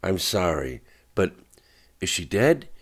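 A man voicing a sharp-tongued woman reporter. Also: sits low, sing-song, voice pushed up, heavily acted. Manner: blunt, quick-tempered, probing.

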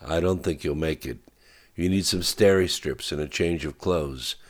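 A man voicing a kind male nurse who speaks in a gentle, soothing way. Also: a bass voice, moderate pace.

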